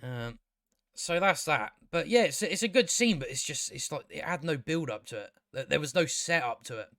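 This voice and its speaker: A man's voice: fairly high pitch, expressive, moderate pace, a bit bright, no echo, clean studio sound. A man giving a casual, ranting review of a show, blunt, sarcastic and profane, often restarting his sentences.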